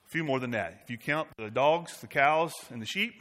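A man's voice: medium pitch, lively intonation, brisk, fairly bright tone. A man from Massachusetts preaching a sermon to his church, emphatic, with his volume rising and falling. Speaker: pastor.

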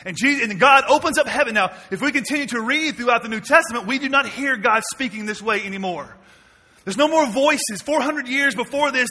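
A man, preaching a sermon to his church, moving between quiet low asides and loud emphatic questions. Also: husky. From Mississippi, US. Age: 40s. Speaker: pastor. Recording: long reverb of a large hall.

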